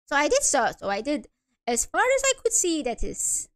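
A woman doing a rustic middle-aged coachman with a broad, put-on sounding brogue, slow and drawn out. His pitch swings widely from phrase to phrase, and he tells his tale in a homely, folksy way for a courtroom game. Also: huge pitch swings, a bit bright, exaggerated voice.

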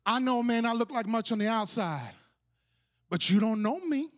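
A man preaching a sermon as pastor, telling a story with shouting, playful energy. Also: extremely high pitch, lively intonation, normal speed. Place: church sanctuary.

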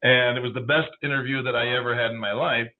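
A middle-aged man, a guest on a talk show, telling lively anecdotes in casual chat and acting out the dialogue. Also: mid-range voice, fast. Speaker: guest, baseball team general manager. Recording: tinny phone-like audio.

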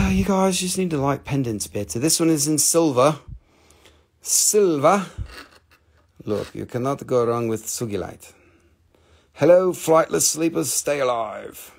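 A man hosts a live stream, selling crystals with loose, joking chatter. His voice sits a bit high and has a gravelly edge. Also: lively intonation, unhurried. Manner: joking, chatty, swears casually. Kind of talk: casual live sales chat.

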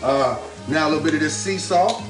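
A home cook with a fairly high voice runs his own cooking channel, talking viewers through a recipe at the stove in a quick, upbeat, chatty way, repeating a catchphrase and narrating the steps to himself. The mic is set a few steps back, so his voice echoes around the kitchen. Music plays clearly behind him along with the pan's sizzle.

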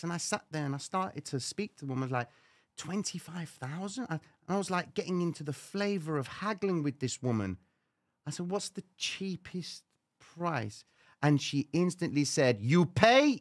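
A man's voice: fairly high pitch, dry recording, studio quality. A man who hosts a trading show, telling a story casually on a live stream, swearing and acting out his own lines. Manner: animated, swearing, acts out his own quotes.

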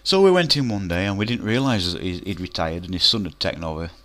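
A man spins a comic yarn in a rambling, colloquial way, full of "you know" and restarts. His voice sits a little low for a man, loose and conversational. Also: fast, a bit bright. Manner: rambling, colloquial, with many fillers. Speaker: storyteller. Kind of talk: comic anecdote.

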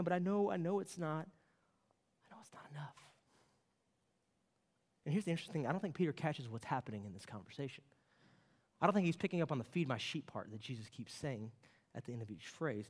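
A male pastor delivering a sermon in a conversational way, full of fillers, swinging between loud excited stretches and soft, hushed asides. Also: medium pitch, big-room sound. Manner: conversational, with many fillers like "like" and "okay".

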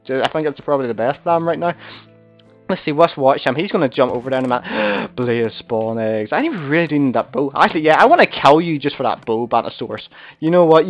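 A young man commentating his own game play, chatty and excitable, gasping and yelling when danger comes. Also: medium pitch, fairly quick, muffled recording. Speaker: gamer commentator. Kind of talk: gameplay commentary.

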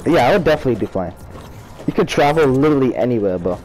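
A man's voice: mid-range voice, animated, rapid-fire, darkish tone, faint music behind, rough recording. Profane rambling young gamer man. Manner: rambling, profane, frustrated outbursts. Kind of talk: casual gameplay commentary.

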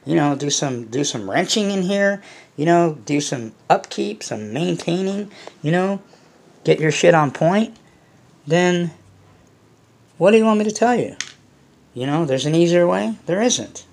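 A man's voice: on the high side, expressive, measured pace, creaky, pauses often, a little mellow. A man hosting a casual unboxing vlog, rambling and blunt, swearing freely as he talks to his viewers. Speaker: hobby channel host.

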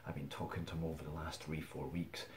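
A man's voice: rumbling low, level tone, fast, a little hiss or hum. A man vlogging casually to his camera at home and in his garage, chatty and self-mocking. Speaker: motorcycle vlogger. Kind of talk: casual vlog chat to camera.

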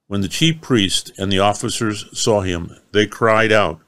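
Slow, deep-voiced male Bible reader. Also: fairly bright tone, clean tone, no echo. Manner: slow, measured, solemn. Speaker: scripture reader. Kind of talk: Bible reading.

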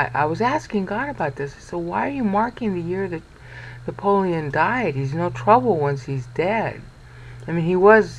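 A man's voice: on the high side, a little hiss or hum, rough recording. Sarcastic, blunt male Bible teacher. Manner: pointing things out on screen, with many okays. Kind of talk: screen-share Bible study commentary.

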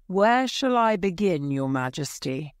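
A woman voicing a fussy, hurried male white rabbit acting as court herald in a storybook. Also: on the low side, very animated, dry recording, studio quality. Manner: hurried and eager.

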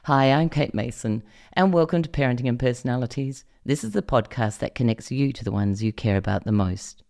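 A woman's voice: very deep voice, brisk, vocal fry, mellow. A middle-aged woman from Australia hosting a parenting podcast, delivering a scripted monologue expressively and asking the listener direct questions. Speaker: podcast host.

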